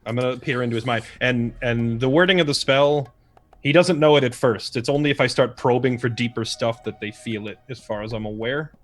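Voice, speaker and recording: A man's voice: mid-range voice, steady tone, brisk. A man playing a tabletop role-playing game, thinking aloud and hesitating over his choices. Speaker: player.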